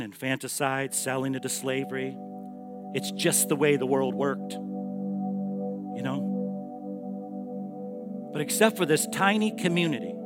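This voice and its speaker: Pastor preaching with sweeping emphasis. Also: male voice, medium pitch. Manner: emphatic preaching, swinging between soft and loud. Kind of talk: sermon.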